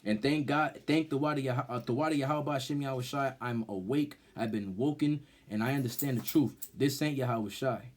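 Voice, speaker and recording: A man's voice: moderate pace, hardly any pauses. Fiery man preaching, keeps asking "right?". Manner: emphatic, keeps asking "right?", stumbles and repeats words; grows loud and high when heated. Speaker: street-style Bible teacher. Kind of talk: fiery religious teaching.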